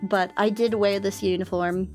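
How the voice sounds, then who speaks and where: A woman streamer talks casually on a live stream via a boom mic, at normal speed and with fairly even intonation, as faint music plays behind. Still, she's playful and teasing, laughing often and breaking into sing-song and shouty squeals.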